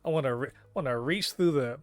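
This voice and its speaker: A man's voice: medium pitch, brisk, no room sound, soft background music. A man co-hosting a casual review podcast, talking animatedly and profanely, laughing often and exclaiming in disbelief. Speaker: podcast co-host reviewing a TV episode.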